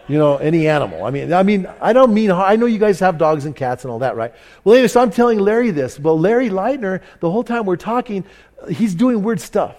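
A male pastor delivering a sermon to his congregation, his voice sitting a little high. He tells stories in an animated, self-mocking way, often stopping and restarting his sentences. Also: fast talker. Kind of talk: sermon with anecdote. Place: church service.

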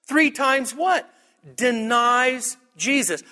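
High, bright-voiced pastor in a reverberant hall. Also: male voice, extremely slow. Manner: animated, humorous, rising to high emphatic peaks. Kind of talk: sermon. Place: church sanctuary. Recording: long reverb of a church hall.

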